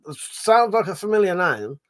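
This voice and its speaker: A man's voice: high voice, very animated, normal speed, fairly bright tone. A man hosting a casual livestream, rambling, swearing freely and reading viewers' chat aloud. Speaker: livestream host.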